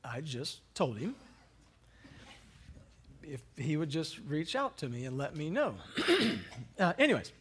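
There's slight background noise as a man in his thirties recounts a personal faith story in a casual, rambling way, full of fillers and restarts. His voice is on the high side, expressive and a bit bright; he talks a little slowly and pauses often, chuckling at his own expense.

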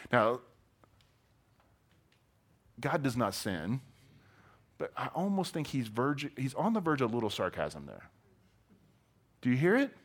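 A man's voice: mid-range voice, measured pace, long pauses. A man preaching a sermon in a casual, conversational way, telling stories and acting out the voices of the people in them. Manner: animated storytelling, acts out voices. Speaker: pastor.

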